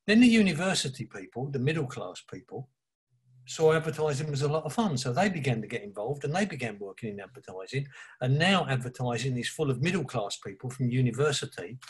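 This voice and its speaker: A man with an East London Cockney accent, telling blunt, animated stories as an author guest in a casual interview. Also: medium pitch, slightly rough. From England. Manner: blunt, animated storyteller who swears.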